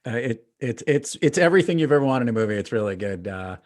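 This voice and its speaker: A man's voice: mid-range voice, lively intonation, fast, a little mellow. Playful upbeat male podcast host. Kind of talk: casual interview chat.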